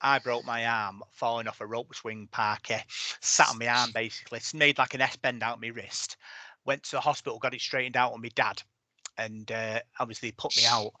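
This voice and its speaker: A man hosting a casual podcast, telling his stories in a chatty, animated way. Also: mid-range voice, dry recording. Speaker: podcast host. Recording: dry close mic.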